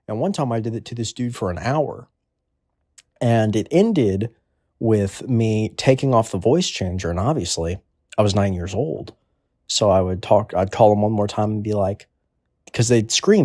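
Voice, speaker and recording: A man's voice: fairly low pitch, normal speed, a little mellow, dry recording, clean studio sound. A man in his twenties delivering a crude comedic monologue in a rambling, offhand way. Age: 20s. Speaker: comedic storyteller.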